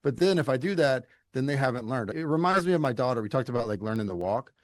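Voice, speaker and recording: Middle-aged Louisiana man, coach as guest, folksy animated storyteller, average pitch, dry close sound. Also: quick pace, no echo. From Louisiana, United States. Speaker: leadership coach, podcast guest. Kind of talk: conversational interview.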